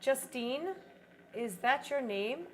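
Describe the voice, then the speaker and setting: A woman from Iowa, a paranormal investigator reacting excitably on a live ghost-hunting stream. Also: high voice, a little hiss or hum, poor audio. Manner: excitable, quick reactions, exclamatory.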